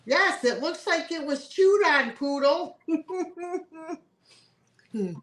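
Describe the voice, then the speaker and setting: A woman hosting a live sale stream, unhurried and quick to laugh. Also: very high-pitched, animated, a bit bright. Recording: echoey room.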